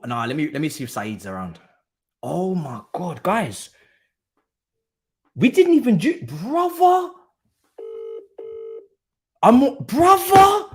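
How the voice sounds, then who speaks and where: Man, live football reaction, animated pitch, unhurried, bursts of yelling. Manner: excitable, swings between low muttering and shouting; British street slang, repeats phrases. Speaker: watchalong host.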